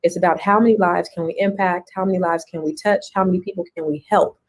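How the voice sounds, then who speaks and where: A woman's voice: fairly low pitch, steady tone, fast. A woman co-hosting a live talk show, chatting casually, affirming her partner and repeating phrases for emphasis. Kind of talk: casual chat.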